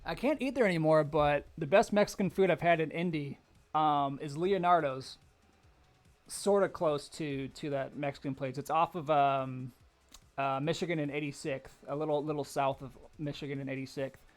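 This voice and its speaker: A man's voice: a little high, moderate pace. A young man streaming a game live, chatting casually with viewers, telling stories and laughing often. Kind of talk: casual live-stream chat while gaming.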